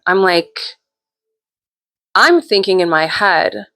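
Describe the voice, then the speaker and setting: A woman's voice: lowish voice, slow pace, a bit bright. A woman hosting her own show, telling a personal story in a candid, chatty way with plenty of swearing. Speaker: host. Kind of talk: casual storytelling.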